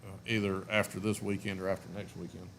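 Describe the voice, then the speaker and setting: Sleepy guy rambling on his home live stream, keeps yawning, lower voice, a bit of background hiss. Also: flat delivery, quick pace, a bit bright. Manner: rambling, self-interrupting, chatty. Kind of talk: casual live stream chat.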